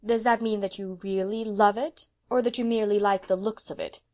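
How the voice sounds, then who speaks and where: A woman voicing a proud, brisk spinster of seventy, speaking emphatically and sternly. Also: mid-range voice, steady tone, a little mellow, natural voice.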